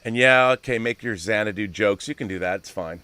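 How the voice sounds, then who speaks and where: A man's voice: fairly low pitch, fairly quick, pushed and bright, clean tone, dry recording. A man hosting a live-streamed talk show, effusive and thanking his guest, moderators and co-host, with frequent restarts. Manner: effusive, talks with many restarts.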